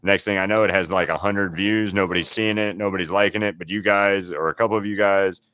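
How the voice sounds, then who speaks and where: Very deep-voiced middle-aged man rambling. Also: steady tone, brisk, a bit bright, clean tone, dry recording, clean studio sound. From Alabama, USA. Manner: rambling, swears freely, talks straight to chat. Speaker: painter talking to viewers on a livestream. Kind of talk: casual livestream chat.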